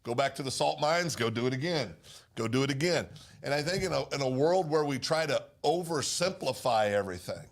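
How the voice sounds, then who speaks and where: Brief: man, mid-pitched gravelly voice, casual business co-host, laughs often. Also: animated, fairly quick.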